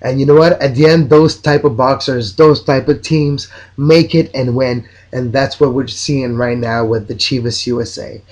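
A man's voice: mid-range voice, fairly even intonation, moderate pace, few pauses, a little mellow. A man from Mexico, hosting a solo soccer podcast in an enthusiastic, opinionated, rambling way.

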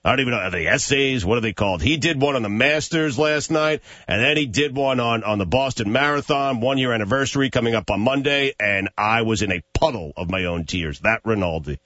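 A man's voice: medium pitch, brisk, few pauses, sharp tone, dry recording. A man in his forties, a sports radio co-host, talking in an emotional, rambling way. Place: radio studio. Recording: dull studio audio.

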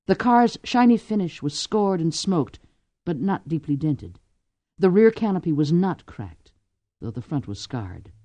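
A woman reads a novel aloud, her pitch rising and falling in animated swings. Her tone is mellow and warm, and the recording is dry and close. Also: measured pace, no echo. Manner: expressive, lively storytelling. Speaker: audiobook narrator. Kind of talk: scripted narration.

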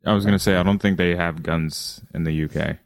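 A man, a lawyer co-hosting a podcast, chatting casually in a dry, deadpan, hesitant way. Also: sits low, a little fast, vocal fry, no echo. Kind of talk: casual comedic chat.

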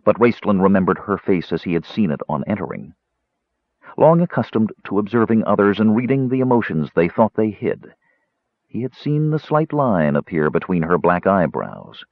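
A man narrating an audiobook in an expressive, measured reading. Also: on the low side, no room sound. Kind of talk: scripted narration. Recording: slightly muffled audio.

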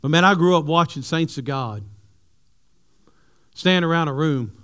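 High-voiced pastor telling stories. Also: male voice, measured pace, clean tone. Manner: animated storytelling, jokes with the congregation. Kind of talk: sermon with humorous stories.

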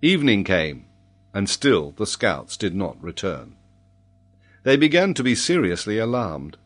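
Male narrator, measured audiobook reading, lowish voice. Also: very animated.

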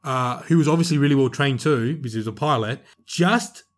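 A man co-hosting a film podcast, talking in an animated, rambling way with strong emphasis. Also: medium pitch, brisk. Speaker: podcast co-host, film reviewer. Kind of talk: casual chat.

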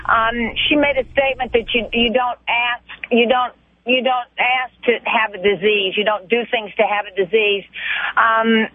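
A woman's voice: a little high, fairly even intonation, normal speed, no echo. Insistent woman on a tinny phone line. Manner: correcting, insistent. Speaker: caller. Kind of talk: call-in talk radio.

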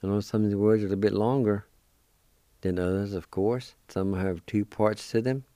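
A man teaching a language lesson on the radio, spelling words out letter by letter and repeating them slowly. He is patient and encouraging with his listeners. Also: fairly low pitch, steady tone, dark tone, dry recording, studio quality.

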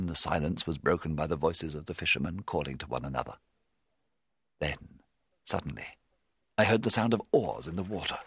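A man narrating a storybook in the first person, in a measured, dramatic way that rises at tense moments. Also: deep voice, a bit bright, slightly rough, dry recording. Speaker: audiobook narrator.

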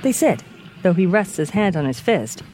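An audio describer narrates the action of a film in plain, present-tense sentences. The voice sits mid-pitch and moves up and down with lively variation. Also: moderate pace, a little hiss or hum.

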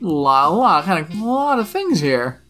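A woman co-hosting a casual chat who reads listener posts aloud, often swooping up high as she reads or mimics. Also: a little slow, faint music behind. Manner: animated, swoops high when reading or mimicking. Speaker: podcast co-host.

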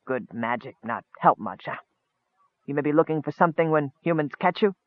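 A man's voice: fairly high pitch, expressive, brisk, no echo, natural voice. A man voicing a sly male goblin who speaks in broken, knowing sentences, heard over a tinny phone-like line.

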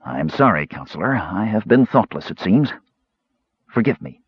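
A man doing a quiet, wary young mage. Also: on the low side, lively intonation, slightly rough, no echo, highs cut off, exaggerated voice. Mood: apologetic. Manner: quiet and measured. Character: frail young male mage, wary and measured.

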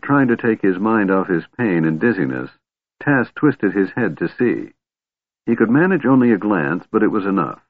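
A man reading a fantasy novel aloud in a measured, steady narration. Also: low-pitched, no room sound. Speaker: audiobook narrator. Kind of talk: scripted narration. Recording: tinny phone-like band, dry.

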